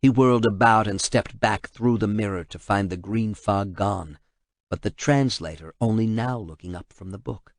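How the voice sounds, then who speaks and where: A man reading an action novel aloud in steady, measured audiobook narration. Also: on the low side, dry recording.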